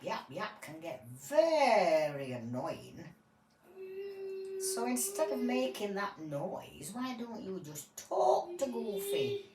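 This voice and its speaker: A woman playing a patient, kindly judge in a homemade toy court game, explaining things gently. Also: medium pitch. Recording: echoey room, voice from afar, faint hiss.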